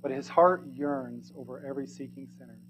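A man's voice: medium pitch, brisk, music in the background, poor audio. Earnest man reading an old sermon. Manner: earnest, pleading, swings from loud to hushed. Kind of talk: sermon read aloud in archaic English.

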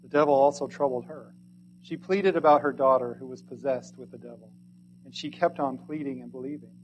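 A man reading a sermon aloud in archaic English, earnest and pleading, swinging from loud to hushed. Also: mid-range voice, fairly quick, dull audio, slight background noise.

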